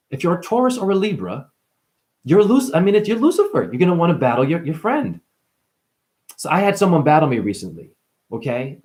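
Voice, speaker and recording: A man speaking in a loose, playful monologue as a spiritual vlogger, often addressing listeners as honey. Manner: animated, swinging pitch, playful, calls listeners honey. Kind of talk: casual monologue.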